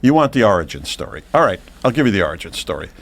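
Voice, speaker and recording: A man's voice: low voice, big pitch swings, rapid-fire, gravelly, fairly bright tone, heavily acted. A man voicing a talking male dog, a worldly former professor who rambles wryly and chuckles often. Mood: rambling.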